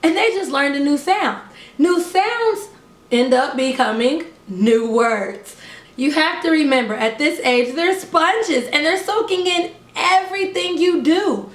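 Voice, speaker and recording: High-voiced woman teaching slowly. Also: lively intonation, reverberant. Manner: slow, over-enunciated, upbeat teaching delivery. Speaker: parenting educator, preschool teacher. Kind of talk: instructional talk to camera.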